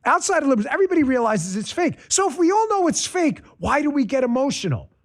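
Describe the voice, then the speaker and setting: Animated, high-voiced male commentator. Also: fast talker. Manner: animated, sarcastic, riffing. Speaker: host. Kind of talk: political commentary monologue.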